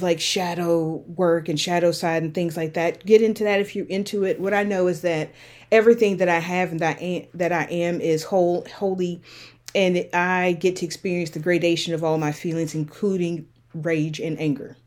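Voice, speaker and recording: A woman's voice: lowish voice, a little mellow. A woman hosting a solo podcast, talking earnestly and with rising passion, her voice growing heated. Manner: earnest, impassioned, rising to anger. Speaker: podcast host. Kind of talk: reflective solo podcast monologue.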